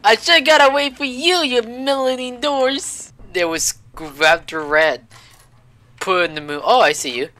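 A woman's voice: fairly high pitch, measured pace, a bit bright. A woman hosting a casual gaming session with a friend, shrieking, panicking and laughing often as the game chases her. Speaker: gaming channel host.

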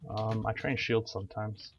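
A man's voice: fairly low pitch, level tone, normal speed, gravelly. A young man gaming and chatting casually, with profane, sarcastic banter. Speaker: gamer. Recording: dull lo-fi mic with faint hiss.

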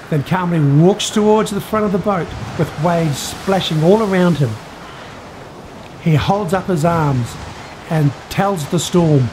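A man telling a Bible story to children in an expressive, storytelling way. His voice sits fairly high for a man. Faint noise hums behind him.

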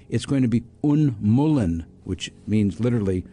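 An older man with a fairly low voice recounts his past in an interview. He acts out the people he quotes, jumping higher and slowing down, then drops back to a quiet, confiding tone. He restarts his sentences often. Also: breathy edge. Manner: animated storyteller who acts out quoted voices, frequent restarts. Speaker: guest, doctor and author. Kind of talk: storytelling interview.

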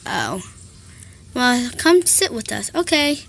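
A woman vlogger plays out scenes with her dolls in a casual, chatty way, sighing now and then. Her voice sits high and moves in a lively way. A faint hiss runs under the recording. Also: takes it slowly, gravelly. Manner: casual, sighing, chatty dialogue between toys. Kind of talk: doll play-acting.

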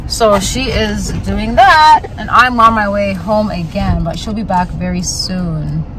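A young woman vlogging in a casual, chatty way, playful and quick to tease. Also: mid-range voice, noisy background. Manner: chatty, laughing, playful teasing. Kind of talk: casual vlog chat.

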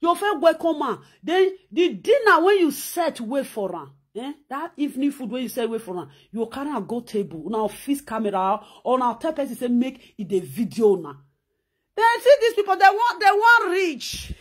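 A high-pitched woman speaking with a Nigerian Pidgin accent. She rants at the camera in a scolding, mocking, animated way. She keeps sewing as she talks. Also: a little fast, few pauses, slightly rough. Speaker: vlogger. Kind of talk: ranting vlog commentary.

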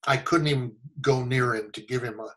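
An older American actor telling stories in a casual interview, animated and fond of acting out the voices of people he quotes. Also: medium pitch, brisk, poor audio. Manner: animated storyteller, acts out quoted voices, chuckles often. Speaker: actor guest.

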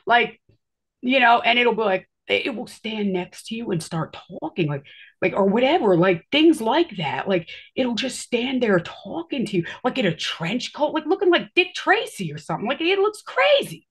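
A woman's voice: on the high side, very animated, normal speed, breathy edge. A woman casually telling a personal story in a rambling way, full of filler words and acted-out quotes.

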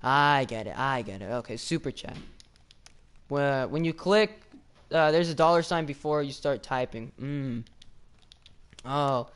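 A young man hosting a casual live stream, excitedly thanking viewers with lots of repeats and restarts. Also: medium pitch, measured pace, pauses often, clear, resonant tone. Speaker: livestreamer.

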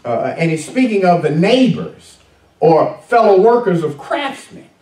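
A man's voice: sits high, sing-song, measured pace, a little mellow. Middle-aged-sounding male pastor preaching in an echoey church. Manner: conversational preaching with many fillers and audience questions. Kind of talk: sermon. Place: church sanctuary. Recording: echoey church room, mic at a distance.

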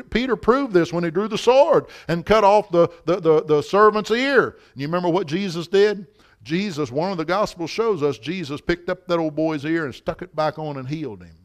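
A man's voice: a little high, moderate pace. A male pastor preaching a sermon at a church service, telling a story with passion, emphasis and repetition.

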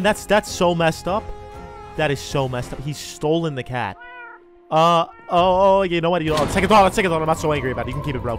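A man narrating his own game roleplay in an excitable way, often yelping and panicking as things chase him. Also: on the high side, fairly quick. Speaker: gamer doing a roleplay. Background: game music.

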